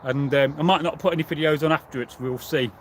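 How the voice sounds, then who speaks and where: A man's voice: a little high, steady tone, fast talker, slight background noise. A man, a history channel host answering viewers in a rambling, casual live chat full of fillers. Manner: rambling and chatty, with many fillers and restarts.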